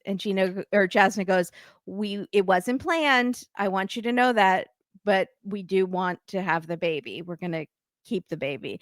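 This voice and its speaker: A woman's voice: medium pitch, a little slow, no echo, studio quality. A woman hosting a podcast, recapping a reality show in casual chat and acting out the quotes with a wry tone. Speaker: podcast host.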